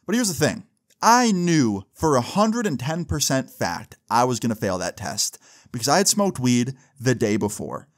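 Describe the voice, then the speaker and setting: A man's voice: medium pitch, very animated, normal speed. A young man casually telling a personal story in a loose, profane way, often adding "like" and "right?" as he goes. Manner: loose and profane, with frequent "like" and "right?" tag questions.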